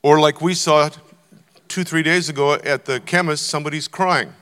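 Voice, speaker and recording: A man's voice: a little high, fairly even intonation, normal speed, a bit bright, smooth. An older man preaching a sermon to a congregation, conversational and emphatic, urging them on. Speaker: guest preacher. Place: church auditorium. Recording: long church hall reverb.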